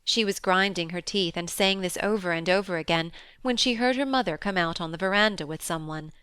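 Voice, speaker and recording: Smooth-voiced woman narrating a classic novel. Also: on the low side, no echo. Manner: measured, even storytelling. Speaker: audiobook narrator. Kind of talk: scripted narration.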